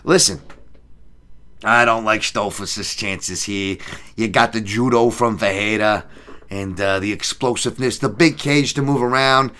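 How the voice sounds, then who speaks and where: A man hosting a casual betting podcast, profane and rambling, swinging from loud hype to low mutters. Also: unhurried, slight background noise. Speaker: podcast host.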